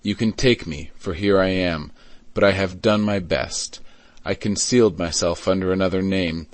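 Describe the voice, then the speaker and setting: A man reading an audiobook, voicing a white-haired mayor who speaks gently but with firm authority. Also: sits low, moderate pace, no echo, close to an everyday voice. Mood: solemn. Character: calm white-haired male mayor confessing his past.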